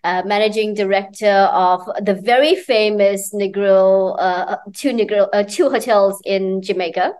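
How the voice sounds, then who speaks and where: A woman's voice: mid-range voice, measured pace, few pauses, a little mellow. A woman interviewing a guest in a friendly, upbeat way. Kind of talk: casual interview.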